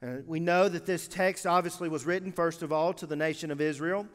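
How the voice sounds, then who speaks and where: Male pastor preaching, high voice, emphatic with deliberate pauses, long church reverb. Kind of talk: sermon. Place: church sanctuary.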